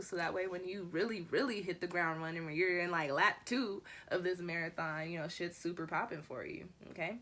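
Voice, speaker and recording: A woman giving a casual, rambling tarot reading in a relaxed, chatty way, with the odd swear word. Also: lowish voice, creaky. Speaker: tarot reader.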